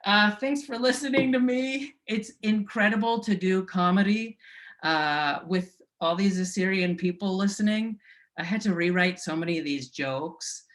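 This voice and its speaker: A man's voice: high voice, normal speed, fairly bright tone. A male stand-up comedian telling family stories in a rambling, chatty way. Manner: rambling, chatty, with fillers and laughs. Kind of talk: stand-up set.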